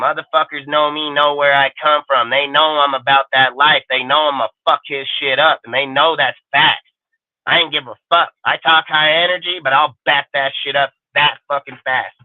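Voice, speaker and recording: A man's voice: on the high side, no room sound. A male sports talk host on a panel show, ranting with aggressive, boastful and profane insults. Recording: dry tinny phone-like sound.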